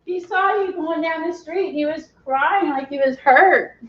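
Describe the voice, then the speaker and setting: A woman's voice: very high-pitched, a little slow, muffled recording. A woman hosting a craft livestream, chatting casually, laughing often and reading the live chat.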